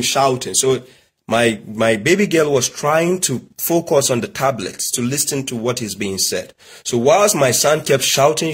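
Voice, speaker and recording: This religious commentator from Nigeria is a middle-aged man whose medium-pitched voice has a breathy edge. His preachy monologue is emphatic, full of rhetorical questions and stories about family.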